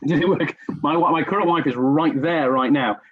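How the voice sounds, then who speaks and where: A man's voice: fairly high pitch, moderate pace, dry recording. A man telling stories in a casual podcast chat, self-deprecating and chatty. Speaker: podcast guest. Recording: dull lo-fi recording.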